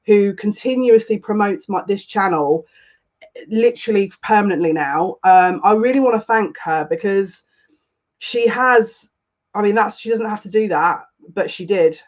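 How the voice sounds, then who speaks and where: A woman hosting a psychic tarot live stream, chatting casually and greeting viewers one by one. She sounds close to tears and talks in an effusive, gushing way. The recording is a little dull and lo-fi. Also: medium pitch. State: on the verge of tears. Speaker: psychic tarot reader, channel host.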